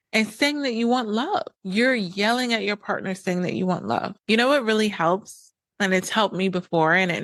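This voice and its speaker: Woman host, coaching monologue; blunt, emphatic, hammers points home; mid pitch, dry close sound. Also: a bit bright, no room sound. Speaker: podcast host and PMDD coach. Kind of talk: direct advice monologue.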